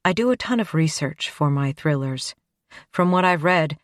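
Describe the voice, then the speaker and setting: A woman's voice: low voice, animated, normal speed, no room sound. A woman narrating a first-person crime audiobook in a wry, conversational manner on a close studio mic.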